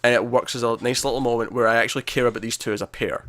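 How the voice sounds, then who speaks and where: A Scottish man talks through TV episodes in easy, rambling podcast chat, leaning on fillers and restarting his thoughts. His voice sits at an ordinary middle pitch. It is recorded dry and close, with no room sound. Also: fairly even intonation, racing, fairly bright tone, no echo. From Scotland. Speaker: podcast co-host. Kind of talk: casual chat reviewing TV episodes.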